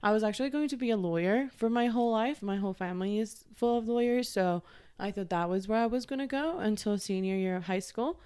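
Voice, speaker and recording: A woman from Ecuador in her thirties hosts a relaxed podcast conversation. She talks in a chatty, upbeat way with a smooth, clear voice at a middling pitch. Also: quick pace. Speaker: host. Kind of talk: casual podcast chat.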